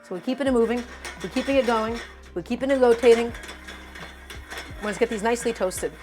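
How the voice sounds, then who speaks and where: A woman with a fairly high voice runs a live cooking stream from her home kitchen. She speaks with emphatic, animated energy, often repeating her instructions. Faint music plays softly underneath her voice. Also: a little fast. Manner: emphatic and animated, repeats herself, calls viewers "my friends". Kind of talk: live cooking demonstration, chatting with viewers.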